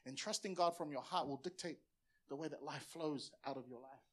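A man's voice: mid-range voice, fairly quick. A man in his forties from Samoa, a pastor preaching a sermon in an earnest, passionate way and often repeating words as he presses a point.

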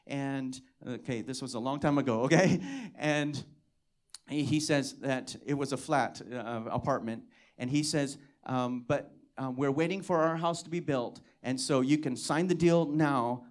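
A man preaching to his church, telling a personal testimony and acting out the dialogue in it, with repeated calls of "come on". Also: fairly high pitch. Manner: storytelling, acts out dialogue, exhorts with "come on". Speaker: pastor.

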